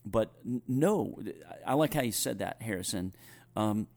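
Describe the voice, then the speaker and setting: A man from North Carolina with a softened Southern accent, a pastor chatting thoughtfully and often restarting his sentences. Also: lowish voice, lively intonation, unhurried, creaky. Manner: thoughtful, restarts often, chuckles while telling stories. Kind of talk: conversational podcast chat.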